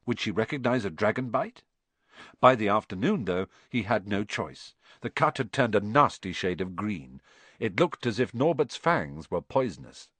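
A man reading a children's storybook aloud in an expressive, measured way. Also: lowish voice, no room sound. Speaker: audiobook narrator. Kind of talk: scripted storybook narration.

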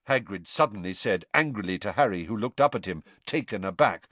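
Expressive male audiobook narrator. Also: sits low, normal speed, hardly any pauses, no echo. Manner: expressive storytelling reading. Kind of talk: scripted narration of a novel.

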